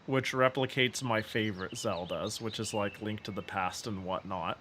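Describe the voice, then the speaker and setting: A man's voice: on the low side, expressive, a little slow, a bit bright, a little hiss or hum. A man streaming a game he is playing for the first time, chatting casually with sarcastic, exasperated remarks, swearing and laughing. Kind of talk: casual gameplay commentary.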